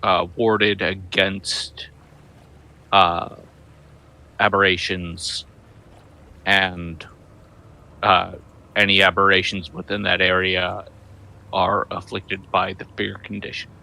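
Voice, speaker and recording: Male tabletop player, slow and rambling, gravelly and sharp-toned. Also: low voice, little pitch movement, poor audio. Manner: rambling, hesitant. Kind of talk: playing a tabletop game.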